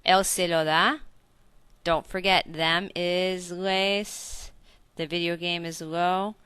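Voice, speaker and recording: A woman's voice: on the low side, level tone, takes it slowly, fairly bright tone, clean tone, no room sound. A woman teaching a recorded Spanish grammar lesson in English, explaining step by step, checking in with questions and correcting her own slips.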